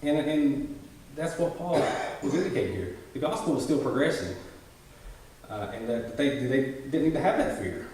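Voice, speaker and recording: A man reading a scripture passage and then explaining it in a relaxed, conversational teaching style, with frequent "you know" fillers and restarts. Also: mid-range voice, normal speed. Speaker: bible study teacher. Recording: roomy echo, voice from far off the mic.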